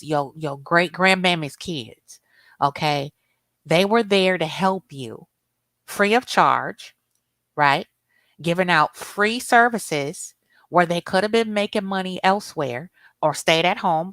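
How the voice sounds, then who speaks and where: A woman's voice: low voice, fairly bright tone, dry recording. A woman hosting a commentary rant, blunt and profane as she reacts to clips. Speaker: commentary host.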